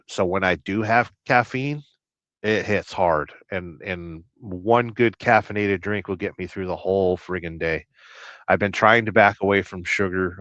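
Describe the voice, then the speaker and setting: An American truck driver hosting a casual livestream, rambling through jokes and viewer comments with a deadpan, blustery manner. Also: male voice, low-pitched, no room sound. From United States. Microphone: livestream mic. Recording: dry, dull lo-fi stream audio.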